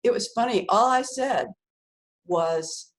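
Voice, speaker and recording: A woman's voice: fairly low pitch, normal speed, low-quality recording. An older woman, a guest author, telling a story in a chatty way, laughing often and using many fillers. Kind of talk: animated storytelling.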